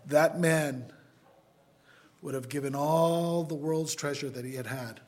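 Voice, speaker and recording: A man preaching a sermon as pastor, pleading with his listeners and swinging between loud appeals and quiet asides. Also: a little high, unhurried. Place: church sanctuary.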